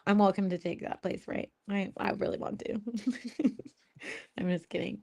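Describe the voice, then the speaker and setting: Creaky-voiced woman laughing through live chat. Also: medium pitch, little pitch movement, moderate pace, darkish tone, lo-fi sound. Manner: laughs often, blunt and teasing, swears freely. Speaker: host of a live spiritual Q&A stream. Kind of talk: casual live-stream chat with viewers.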